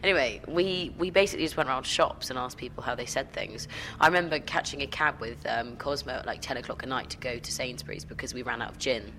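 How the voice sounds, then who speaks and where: A young woman, an actor, chatting in an interview and telling animated stories with frequent laughter. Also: very deep voice, fast, hardly any pauses, a little hiss or hum. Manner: animated storytelling, laughing often. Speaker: actor guest. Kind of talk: interview chat.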